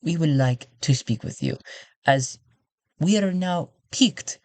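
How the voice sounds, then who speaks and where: A man putting on a soft, husky English courtier woman. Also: a little high, animated, dry recording. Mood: courteous. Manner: slow, proper, deliberate speech. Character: prim alluring female courtier councilwoman. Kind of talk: solo tabletop role-play.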